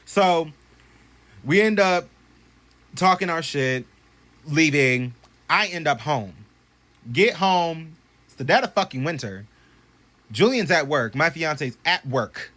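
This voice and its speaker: A young man casually telling a story to his phone camera at home, animated and profane, swinging from loud bursts to hushed asides. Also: a little high, slow pace, long pauses. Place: bedroom at home.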